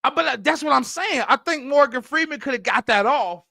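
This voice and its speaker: A man co-hosting a podcast in casual chat, telling animated, profane stories and acting out other people's voices. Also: very high-pitched, a little fast, gravelly, a crowd in the background. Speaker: podcast co-host.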